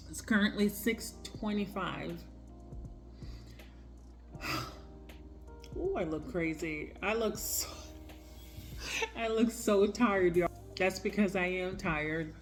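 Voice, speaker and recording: A woman's voice: mid-range voice, slow, long pauses. A woman nurse chatting to her viewers in a casual vlog, telling stories about her patients and calling the audience y'all. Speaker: remote nurse vlogger. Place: home. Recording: echoey room with faint music.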